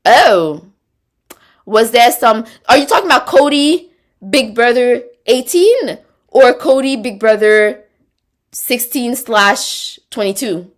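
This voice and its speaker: A woman's voice: a little high, lively intonation, slow pace. A woman with a Quebec French accent, hosting a casual livestream, chatting, rambling and reading viewer comments aloud. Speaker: livestream host reading chat.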